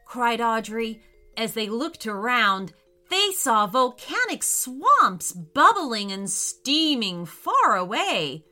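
A woman reading a children's story aloud, slowly and expressively. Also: faint music behind. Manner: slow, expressive reading with lively pitch.

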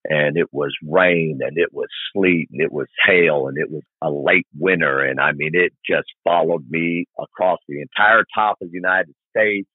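Husky man telling stories over a phone-like line. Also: extremely low pitch, normal speed, few pauses, no echo. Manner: animated, colloquial storyteller who acts out scenes. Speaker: guest, long-distance motorcycle rider. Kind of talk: podcast interview storytelling. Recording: tinny phone-like remote line.

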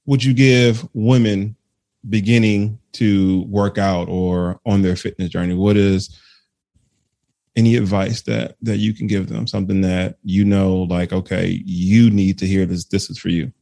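A man's voice: deep voice, level tone, a little slow, creaky, dark tone. A man hosting a casual fitness podcast interview, who keeps affirming his guest and rambles with plenty of "you know" fillers. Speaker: podcast host.

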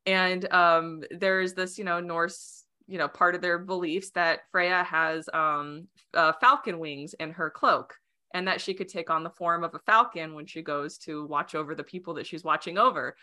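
Bright lively woman guest, casual storyteller, filler-heavy, slightly low voice. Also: normal speed. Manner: animated, acts out quoted voices; many fillers like "you know" and "like". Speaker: podcast guest.

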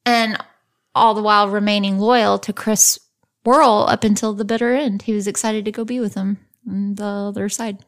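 A woman's voice: medium pitch, fairly even intonation, moderate pace. A woman co-hosting a true-crime podcast in casual, teasing chat, laughing often. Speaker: podcast co-host.

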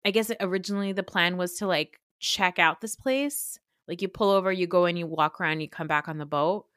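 A woman podcast host recapping reality TV in a casual, gossipy, animated way, swearing freely. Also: lowish voice, a little fast, no echo, clean studio sound.

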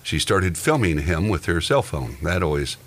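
A man's voice: low-pitched, big pitch swings, moderate pace, a little hiss or hum. A man hosting a podcast, reading odd news stories and joking about them with a co-host. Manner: reads odd news items then jokes about them. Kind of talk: casual news chat.

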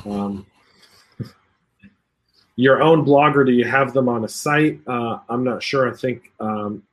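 A man's voice: mid-range voice, slow. A man hosting a casual cybersecurity panel chat, reading out comments, joking and laughing often, with lots of fillers.

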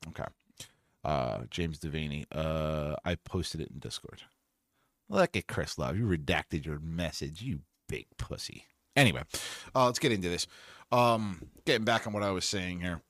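A man's voice: low voice, moderate pace, a bit bright, no room sound, clean studio sound. A middle-aged man hosting a podcast alone, fired up and sarcastic, swearing as he reads out listener comments. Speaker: podcast host. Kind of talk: solo podcast rant reading live comments.

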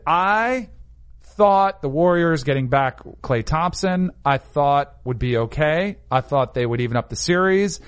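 A man hosting a casual sports chat show, conversational and opinionated. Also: fairly high pitch. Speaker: sports talk host.

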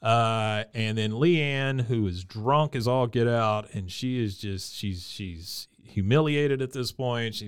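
A man's voice: mid-range voice, slow, hardly any pauses, smooth. A man co-hosting a podcast, casually retelling scenes and acting out the characters' lines. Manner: retells scenes, reading out quotes in put-on voices. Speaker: podcast co-host. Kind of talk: casual recap chat.

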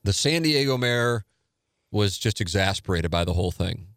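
A podcast host talks through a long story on his own, rambling and animated. His voice sits on the low side for a man. The studio sound is dry and close, with no room echo. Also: normal speed. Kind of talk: casual solo podcast talk.

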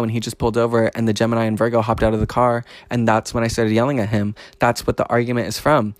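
Guy ranting on his own podcast, swears a lot, mid-pitched, really dry close sound. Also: level tone, fast talker, hardly any pauses, no echo. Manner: blunt, profane and emphatic, rising in pitch when fired up. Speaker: podcast host. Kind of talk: casual storytelling monologue.

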